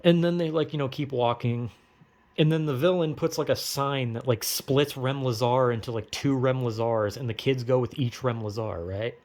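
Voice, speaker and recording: A man's voice: medium pitch, fairly even intonation, moderate pace, a little mellow. A young man rambling through a movie recap from memory, profane and full of fillers. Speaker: vlogger.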